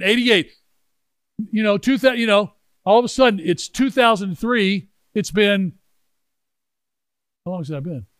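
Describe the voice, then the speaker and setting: A man in his sixties telling a personal story in a sermon, swinging from hushed asides to loud exclaiming. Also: on the high side, no echo. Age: 60s. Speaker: pastor.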